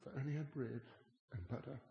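A man's voice: medium pitch, a little fast, vocal fry, dull audio. A man from South Africa with a South African accent, preaching a humorous sermon as a guest. He tells stories in a chatty way and teases the audience. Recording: long reverb of a large hall.

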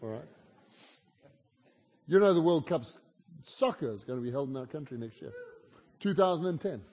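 A high-ish, animated male voice with a darkish tone moves at normal speed. The speaker, a South African man with a South African accent, is a guest delivering a comic sermon, telling chatty stories and teasing people, recorded with a large hall's long reverb.

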